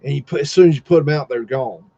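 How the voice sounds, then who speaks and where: A man's voice: mid-range voice, quick pace, creaky, mellow, highs cut off. A man casually telling rambling stories about his old jobs, folksy and swearing freely, with lots of fillers. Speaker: podcast host.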